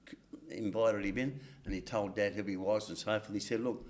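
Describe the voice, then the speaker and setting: A man's voice: on the low side, fairly even intonation, a little fast, a little mellow. An older Australian man, a guest on a sports chat show, telling long anecdotes with frequent stumbles and restarts. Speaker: guest, former cricketer. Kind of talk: storytelling in casual chat.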